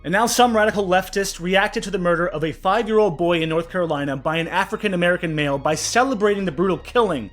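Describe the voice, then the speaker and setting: A man hosting a commentary vlog, talking with raw anger and swearing, his voice dropping low when upset. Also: quick pace, few pauses, soft background music. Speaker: political commentary vlogger.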